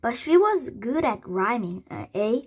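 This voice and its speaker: A woman voicing a jovial, confident young male magician in a storybook, speaking reassuringly at a slow, halting pace. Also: on the high side, big pitch swings, darkish tone, slightly rough, heavily acted.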